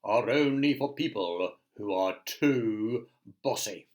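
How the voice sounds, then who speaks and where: A man's voice: lowish voice, lively intonation, slow, a little mellow. A man voicing a stern, grand old wizard in a stately voice.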